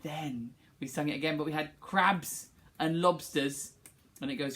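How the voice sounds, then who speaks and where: A woman music teacher leading a singing assembly for young children, cheerful and encouraging as she calls out warm-ups for them to copy. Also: low-pitched, normal speed.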